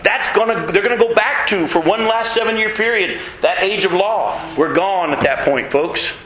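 A male pastor preaches in a fairly high, bright and forceful voice, firing questions at his congregation. He is recorded in an echoey church hall with a faint hum of room ambience. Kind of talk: sermon.

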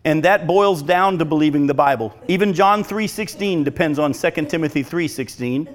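A man's voice: a little high, moderate pace. Earnest, emphatic male preacher. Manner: earnest, emphatic, reads devotional text aloud. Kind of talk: sermon.

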